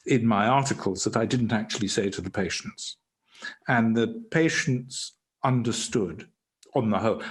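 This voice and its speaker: An older British man, a podcast guest, telling dry anecdotes in conversation, hesitant and full of restarts. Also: mid-range voice. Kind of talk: casual conversation.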